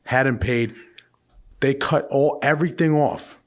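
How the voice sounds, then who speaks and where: A man's voice: mid-range voice, slow pace. Profane storytelling man on a podcast. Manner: profane rambling storyteller, acts out quotes. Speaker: podcast co-host. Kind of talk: casual chat.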